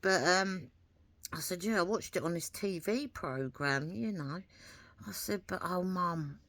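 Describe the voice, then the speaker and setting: A woman's voice: lowish voice, a little slow, fairly bright tone, no room sound. A woman, telling a story in a rambling, chatty way and acting out the things she said. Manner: rambling, chatty, acts out her own quoted words. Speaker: vlogger. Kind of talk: casual storytelling to camera.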